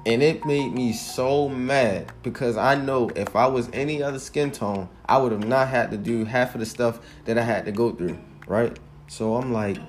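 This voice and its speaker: A man's voice: medium pitch, normal speed, slight background noise. A 21-year-old man podcasting alone, telling a story in an emphatic, heated way with plenty of swearing. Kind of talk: casual monologue.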